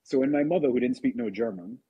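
A man in his forties chatting casually on a podcast, rambling and self-deprecating with halting restarts. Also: mid-range voice, mellow, slightly rough, dull audio. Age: 40s. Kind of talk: casual chat.

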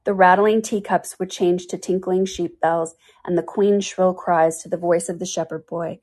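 A woman narrating a classic storybook in a steady, measured way for a podcast. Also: on the low side. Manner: steady, measured reading aloud. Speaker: reader.

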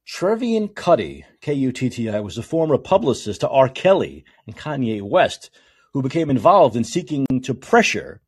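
A man's voice: mid-range voice, breathy edge. A man hosting a political talk show, reading legal documents aloud and breaking into heated, sarcastic, profane rants. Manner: heated, sarcastic, profane ranting between calmer read-aloud passages.

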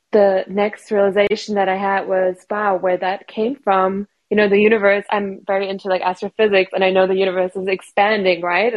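Husky woman sharing her story. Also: mid-range voice, muffled recording. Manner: earnest, reflective storytelling. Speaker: guest. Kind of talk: personal story in a podcast interview.

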